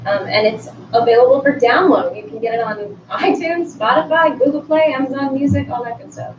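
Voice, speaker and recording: A woman's voice: high voice, fairly quick, noisy background. A woman musician guesting on a radio show, chatting in a playful, easy way. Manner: chatty and playful, laughs easily. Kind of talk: casual radio chat. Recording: echoey, distant, dull sound with music.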